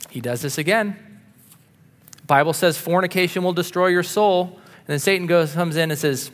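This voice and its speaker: A man preaching a sermon, earnest and insistent, moving between punchy emphasis and quiet asides. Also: sits high, animated, fairly quick, in a large hall. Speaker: pastor.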